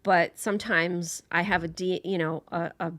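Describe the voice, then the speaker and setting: A woman with a fairly low voice chats casually as a podcast guest. She laughs often and restarts her sentences mid-thought. The sound is close and dry. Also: steady tone, moderate pace, a bit bright, no room sound. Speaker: podcast guest, patient advocate. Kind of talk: casual conversation.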